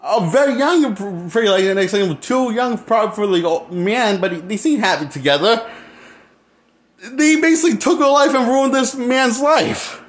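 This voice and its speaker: A man giving a casual movie review, incredulous and animated, often repeating himself and laughing nervously. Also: extremely high pitch. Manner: repeats himself, halting restarts. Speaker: movie critic.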